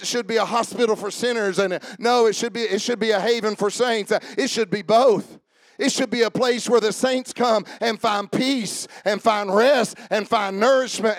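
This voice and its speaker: Joking with the congregation, this man preaches as a pastor, alternating shouted, rhythmic passages with a lower, conversational register. The recording is dry.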